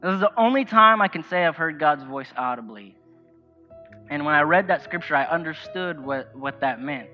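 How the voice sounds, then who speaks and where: A man with a slightly higher voice preaches a sermon, moving between scripture and a story from his own life. He keeps asking the congregation questions. The sound is dull and lo-fi, with faint music underneath. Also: lively intonation, moderate pace. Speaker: pastor.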